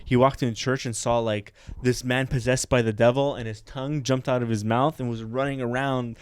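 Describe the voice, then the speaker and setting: A man's voice: mid-range voice, steady tone, moderate pace, clean tone. A man co-hosting a comedy podcast, telling a story in loose casual chat with lots of swearing and laughter. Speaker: podcast co-host.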